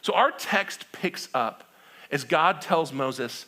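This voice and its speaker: Bright-voiced pastor telling a story. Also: male voice, fairly high pitch, takes it slowly. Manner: animated storytelling, acting out quoted voices; conversational with frequent "right?" and laughs. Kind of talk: sermon.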